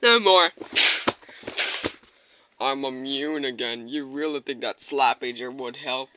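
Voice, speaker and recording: Taunting plush monkey villain, someone doing the voice, slow and bouncy pitch, bright, bit of hiss behind. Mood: gloating. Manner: taunting and gloating.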